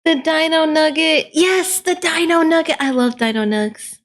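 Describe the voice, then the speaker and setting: A woman's voice: high voice, unhurried. Blunt woman in casual chat. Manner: blunt, short reactions.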